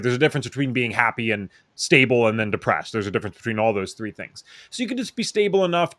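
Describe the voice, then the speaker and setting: A male podcast host with a somewhat high voice talks through ideas thoughtfully, often pausing to correct his wording. The sound is dry and close, with no room echo. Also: a bit bright. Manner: thoughtful, reaches for analogies, self-correcting. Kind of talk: conversational podcast chat.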